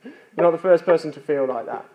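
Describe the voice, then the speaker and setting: A man's voice: fairly high pitch, brisk, lo-fi sound, heavy background noise. A man preaching a sermon in an earnest, conversational way, with light self-deprecating humor.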